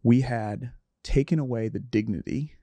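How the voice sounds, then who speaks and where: A man's voice: mid-range voice, moderate pace, warm tone, no room sound. A middle-aged man in reflective conversation, earnest and self-searching, often trailing off and restarting his sentences.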